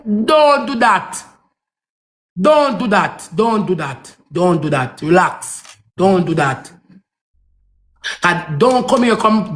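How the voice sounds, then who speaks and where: In patois, this Jamaican-accented woman pleads and scolds over and over during a fiery livestream rant. She streams on social media, and her medium-pitched voice is somewhat bright.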